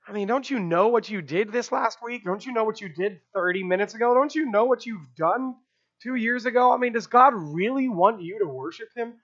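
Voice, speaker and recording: A preacher voicing Satan as a quiet, low inner voice that sneers accusations. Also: male voice, a little fast, lo-fi sound. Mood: hushed taunting.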